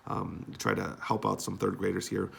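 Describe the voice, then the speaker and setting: Male teacher, low gravelly voice, patient, lots of ums, slight background noise. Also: flat delivery, normal speed, fairly bright tone. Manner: patient, repeats himself, many ums and restarts. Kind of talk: recorded classroom instructions for students.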